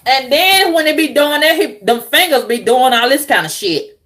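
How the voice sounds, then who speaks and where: A woman vlogger ranting to camera with profane, animated storytelling, laughing at her own jokes. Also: sits high, normal speed. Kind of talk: unscripted rant to camera.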